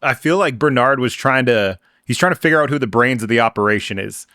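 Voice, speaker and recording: A man co-hosting a casual TV recap chat, thoughtful and measured. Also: mid-range voice, bright, forceful tone, no room sound, studio quality. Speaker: co-host.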